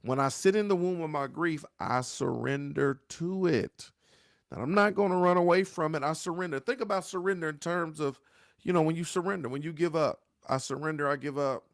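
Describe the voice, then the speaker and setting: Gravelly-voiced man giving a preacher-style grief talk. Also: on the high side, a little fast, no echo, clean studio sound. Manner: preacher-like cadence, repeats phrases, speaks to listeners as "y'all". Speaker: grief speaker.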